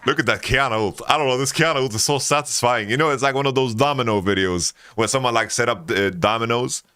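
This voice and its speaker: A man streaming a live esports watch-along, commenting excitably and breaking into loud exasperated rants. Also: mid-range voice, fast talker, clean tone, no echo, studio quality. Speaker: streamer co-casting a match.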